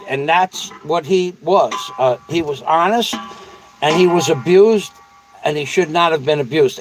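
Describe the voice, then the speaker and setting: A man's voice: fairly high pitch, slight background noise, rough recording. A man hosting a casual livestream, reading viewer comments in a blunt, profane, rambling way. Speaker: livestream host.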